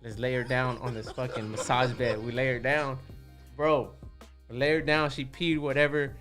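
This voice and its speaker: A man tells a story in a loose, streetwise way, with a lot of "you know what I'm saying". His voice sits at an everyday middle pitch, and a little music plays faintly behind him. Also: flat delivery, moderate pace, a bit bright. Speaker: tattoo artist guest. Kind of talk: casual podcast storytelling.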